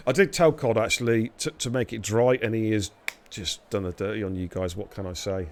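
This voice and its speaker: A man's voice: fairly low pitch, moderate pace. A man hosting a racing league live stream, bantering and teasing the drivers in casual commentary. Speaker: race league host.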